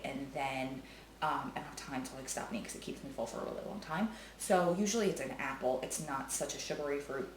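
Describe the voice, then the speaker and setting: A woman talking casually to her vlog viewers in a chatty, rambling way, full of fillers and quick to joke and laugh. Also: on the low side, a little hiss or hum, low-quality recording. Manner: laughs easily, jokey. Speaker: vlogger.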